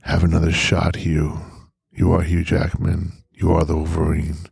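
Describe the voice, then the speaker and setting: A man doing a low whispering tempter. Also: monotone, moderate pace, darkish tone, no room sound, studio quality, heavily acted. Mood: coaxing. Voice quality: breathy whisper.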